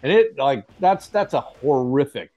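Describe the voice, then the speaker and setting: A male co-host in casual podcast banter who drops wry, deadpan asides. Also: mid-range voice, measured pace, muffled recording.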